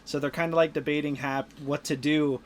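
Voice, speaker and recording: A man's voice: fairly high pitch, level tone, a little fast, a little hiss or hum. A young man co-hosting a casual movie podcast, retelling scenes at length with lots of "like". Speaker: podcast co-host. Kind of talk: casual movie review chat.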